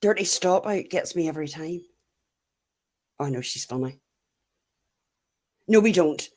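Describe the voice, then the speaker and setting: A woman's voice: low-pitched, animated, measured pace, darkish tone. A middle-aged Irish woman chatting casually as she answers live comments, blunt and laughing often. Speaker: YouTube livestream host.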